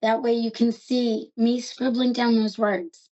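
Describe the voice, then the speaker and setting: A woman from New York with a New York accent, hosting a call-in psychic reading in a fast, chatty, affectionate way. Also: on the high side, level tone, dark tone, highs cut off. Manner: fast, chatty and affectionate, calls callers love. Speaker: psychic reader host.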